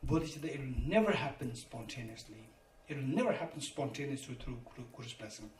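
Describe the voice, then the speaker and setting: A man's voice: mid-range voice, lively intonation, fast. A man giving a Buddhist teaching, emphatic and repetitive, spelling terms out letter by letter. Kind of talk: dharma lecture. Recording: roomy, distant mic, faint noise.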